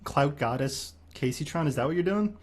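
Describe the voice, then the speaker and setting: A young man hosting a livestream in casual chat, teasing his guest with quick questions and mock lectures. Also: fairly high pitch, lively intonation. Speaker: streamer host.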